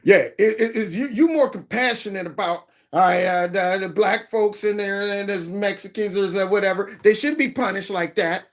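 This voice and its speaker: A man's voice: high voice, normal speed, few pauses. A man hosting a commentary channel, reacting to video clips with exclamations and mock quotes. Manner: animated, exclaiming, mock-quoting others.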